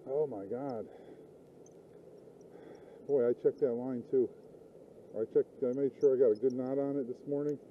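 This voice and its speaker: A man's voice: medium pitch, steady tone, measured pace, long pauses, slight background noise. A man narrating his fishing outdoors by a river, talking casually and rambling, swearing when things go wrong. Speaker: fishing vlogger. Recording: tinny lo-fi outdoor audio.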